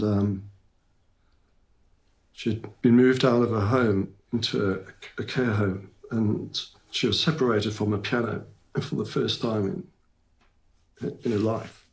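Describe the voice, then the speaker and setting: A middle-aged man in a group healing workshop sharing the loss of his mother, hesitant and full of pauses. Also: lowish voice, vocal fry. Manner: hesitant, with many pauses and fillers. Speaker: workshop participant. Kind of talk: sharing a personal memory with a group.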